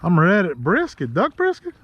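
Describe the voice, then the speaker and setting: A man with a Louisiana accent hosting a casual outdoor vlog from a kayak in the marsh, chatty and quick to laugh. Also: high voice, wildly swooping pitch, slightly rough, lo-fi sound. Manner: chatty, laughs easily, rambling asides. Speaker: host.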